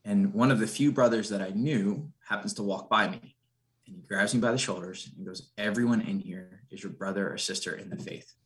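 A man's voice: lowish voice, brisk, a bit bright. A man, a podcast guest, telling a personal story in an earnest, reflective way with many restarts. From United States.

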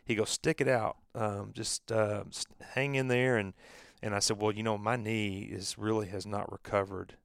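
Man guest, low smooth voice, dry close sound; rambling storyteller, lots of restarts. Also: dry recording. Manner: rambling, frequent restarts and fillers, acts out dialogue. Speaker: former baseball pitcher, guest. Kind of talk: storytelling in a conversational interview.

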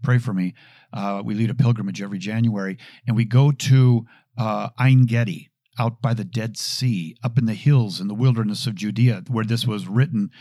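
A middle-aged man hosting a talk on scripture, who speaks earnestly and repeats verses slowly with shifting emphasis. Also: fairly low pitch, dark tone, no room sound, studio quality. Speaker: host.

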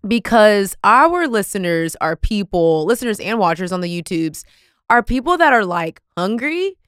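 A woman hosting a podcast in casual chat, telling stories in an effusive, animated way. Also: mid-range voice, moderate pace, clean tone, dry recording, clean studio sound. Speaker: podcast host.

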